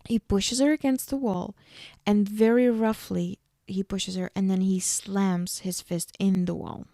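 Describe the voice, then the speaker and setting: A woman's voice: medium pitch, steady tone, measured pace, mellow, no echo. A woman hosting a podcast, casually retelling a TV episode scene by scene, with fillers and self-corrections along the way. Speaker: podcast host.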